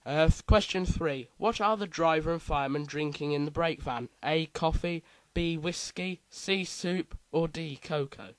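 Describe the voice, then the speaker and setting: A man's voice: fairly high pitch, unhurried, hardly any pauses, no room sound, rough recording. Man reading quiz questions aloud. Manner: reads multiple-choice options, playful asides. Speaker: quiz host.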